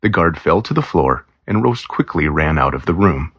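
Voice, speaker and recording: A man reading a story aloud in plain, even storybook narration. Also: extremely low pitch, normal speed, breathy edge, no echo, dull audio.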